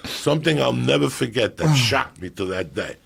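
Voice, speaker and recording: A middle-aged man with a gravelly, husky voice telling a profane comic story on a podcast, animated and loud at times, hushed at others. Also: mid-range voice, normal speed.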